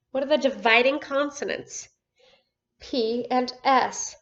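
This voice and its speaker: A woman teaching phonics to young children, speaking slowly and patiently and stretching out each syllable. Her voice sits a little high and sounds bright. The recording is dull and lo-fi. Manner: slow, patient, drawn-out words with encouraging praise. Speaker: first grade teacher.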